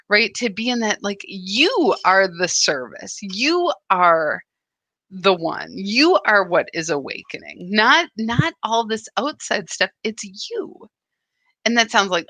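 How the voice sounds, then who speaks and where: A woman hosting a live spiritual practice stream, talking in an animated, chatty way with many "right?" asides. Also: medium pitch, slow pace, no room sound.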